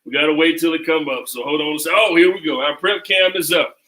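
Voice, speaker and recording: A man's voice: fairly high pitch, steady tone, fast, bright, forceful tone. A man hosting a casual cooking livestream from his home kitchen, talking loosely and repeating phrases like a chant. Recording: echoey kitchen, mic at a distance.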